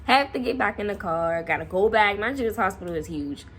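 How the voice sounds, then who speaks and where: A young woman speaks straight to her camera in an easy, chatty way. Her pitch swings freely as she acts out each moment, and she laughs often along the way. A light background hum sits under her voice. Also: animated, brisk. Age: young adult. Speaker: vlogger. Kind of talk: casual storytelling to camera.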